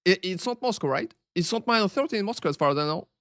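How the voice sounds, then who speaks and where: Higher-voiced man streaming, dry and close. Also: animated, very fast, fairly bright tone, no room sound. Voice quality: profane, rambling, filler-heavy. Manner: chats loosely with viewers, greets them by name. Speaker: game streamer. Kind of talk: casual live-stream chat. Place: Paris.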